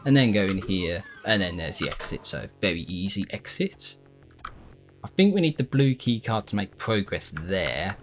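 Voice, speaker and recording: A man giving casual, rambling commentary as he plays a video game, correcting himself often and swearing when frustrated. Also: on the low side. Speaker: gaming YouTuber.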